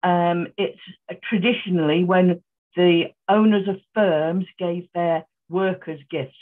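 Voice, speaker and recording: A British woman chatting as a guest on a sewing livestream over a video call, relaxed and matter-of-fact. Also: fairly low pitch, slow pace. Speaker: guest sewer. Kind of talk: casual livestream chat. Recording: thin phone-like video call audio.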